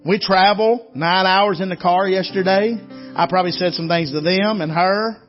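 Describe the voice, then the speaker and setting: High-voiced preacher telling folksy stories. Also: male voice, fairly even intonation, moderate pace, muffled recording, soft background music. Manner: folksy, storytelling, calls out to the congregation. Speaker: guest preacher. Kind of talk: Southern revival sermon.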